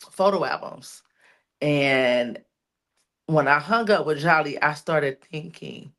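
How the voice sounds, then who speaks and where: A woman's voice: rumbling low, fairly bright tone. A woman on a podcast sharing a personal testimony, repeating lines for emphasis like a preacher. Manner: repetitive, preacherly encouragement. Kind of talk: emotional testimony.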